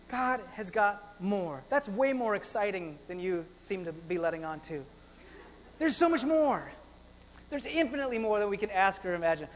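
Male pastor, high voice, energetic conversational sermon, church reverb. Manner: animated, repetitive, conversational preaching with rhetorical questions.

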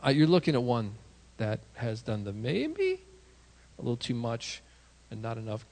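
A man, a pastor, preaching an animated sermon with self-deprecating asides and sudden shouted prayers. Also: medium pitch, moderate pace.

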